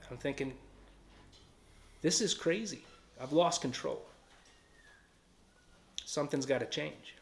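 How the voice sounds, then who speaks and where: A man's voice: a little high, slow, long pauses. A man with a Philadelphia-area accent giving an earnest personal testimony and acting out quoted dialogue. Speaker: testimony speaker.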